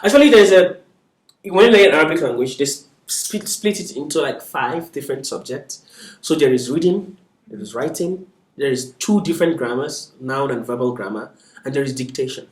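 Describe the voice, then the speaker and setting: A man's voice: mid-range voice, moderate pace. A man teaching a beginner Arabic lesson, patient and checking in often with his learners, with light chuckles. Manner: chuckles lightly between points. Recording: echoey room, away from the mic.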